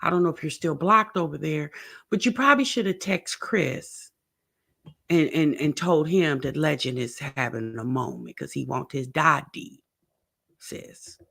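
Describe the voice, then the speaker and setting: A woman's voice: low voice, unhurried, creaky, a bit bright. A woman hosting a reaction video, giving blunt, sassy commentary and speaking straight to the person on screen.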